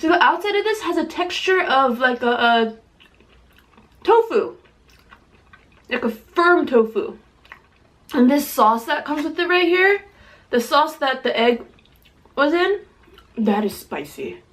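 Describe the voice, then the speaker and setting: A woman hosting a casual food vlog at home, chatty and excitable as she eats and describes each dish, teary from spicy food. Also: high-pitched, slow pace, long pauses. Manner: chatty, excitable, exclaims often. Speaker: mukbang host.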